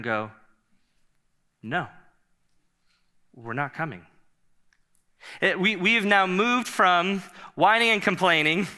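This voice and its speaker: A man in his thirties preaches in a loose, conversational style. He sounds bright and a little high for a man, and his delivery stays animated and quick to laugh. He often repeats phrases as he works through a thought. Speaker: pastor. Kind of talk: sermon.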